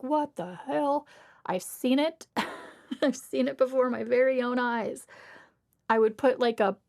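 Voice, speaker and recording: A woman's voice: medium pitch, darkish tone. Chatty woman podcast host giving makeup advice. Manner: chatty, frank, quick bursts with acted-out client dialogue.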